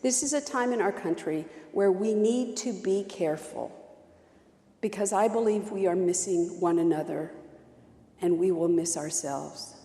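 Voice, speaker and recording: A woman's voice: mid-range voice, measured pace, mellow, echoey room, in a large hall. A woman pastor preaching a sermon, telling stories with strong emphasis and repetition.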